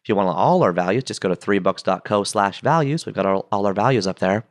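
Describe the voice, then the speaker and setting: Talking fast into a close mic, a podcast host with a lowish voice gives an enthusiastic, casual monologue full of playful asides. There's no echo.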